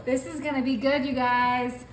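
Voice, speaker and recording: A woman hosting a casual home cooking video, bubbly and quick to laugh, talking to her viewers as you guys. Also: sits high, little pitch movement, reverberant, slight background noise. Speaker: cooking vlogger. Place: home kitchen.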